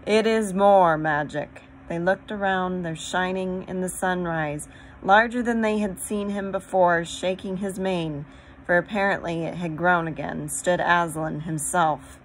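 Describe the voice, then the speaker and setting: Female audiobook narrator, steady gentle storybook reading, slightly low voice. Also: measured pace, a little hiss or hum, rough recording. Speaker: audiobook reader.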